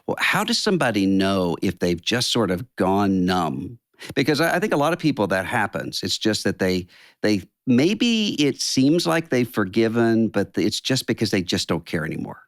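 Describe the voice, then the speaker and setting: A man hosting an interview podcast, speaking in a measured, earnest way and asking thoughtful questions. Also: on the low side, sing-song, no room sound, clean studio sound. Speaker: podcast host. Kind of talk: reflective interview conversation.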